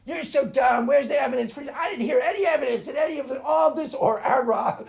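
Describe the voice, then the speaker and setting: A man putting on a loud, indignant atheist debater, shouting his lines in mockery. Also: very high voice, fast talker, vocal fry.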